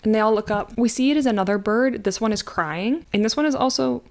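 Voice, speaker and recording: A woman in her thirties giving a casual, animated movie recap, sarcastic and full of slang. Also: fairly high pitch, fast talker. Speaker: YouTube commentator.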